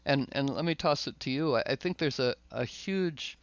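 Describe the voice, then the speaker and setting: A man hosting a casual spiritual conversation, searching for words, repeating himself, bursting into excited asides. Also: mid-range voice, normal speed, no echo, highs cut off. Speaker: host.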